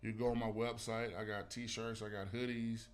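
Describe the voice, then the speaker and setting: A man with a fairly low voice speaks as a podcast guest. He is easygoing and earnest, and his talk turns motivational. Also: flat delivery, normal speed. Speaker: podcast guest, former pro football player. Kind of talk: casual podcast chat.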